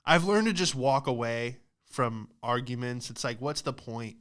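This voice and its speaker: A man talks in a loose, profane podcast rant, peppering everything with "dude" and "like". His voice is smooth and resonant at a middle pitch. He sounds like a stand-up comic riffing off the cuff. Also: animated, a little slow, fairly bright tone. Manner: profane, ranting, says "dude" and "like" a lot. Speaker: stand-up comedian and podcast host.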